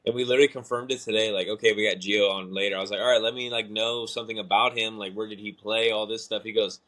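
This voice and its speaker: A man's voice: on the low side, steady tone, fast, bright, forceful tone. A man co-hosting a podcast in casual chat, joking, swearing and acting out conversations. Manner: joking, swearing, acts out dialogue. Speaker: podcast co-host.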